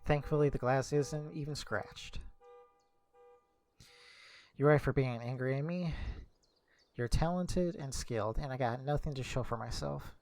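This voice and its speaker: A man's voice: medium pitch, measured pace, pauses often, a little mellow. A young man streaming, reading a visual novel aloud casually, correcting his slips as he goes.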